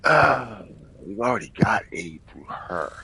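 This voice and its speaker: Low husky man playing a game. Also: big pitch swings, slow, pushed and bright, low-quality recording. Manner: reads dialogue choices aloud, muses to himself. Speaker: host of the show. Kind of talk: casual gameplay commentary.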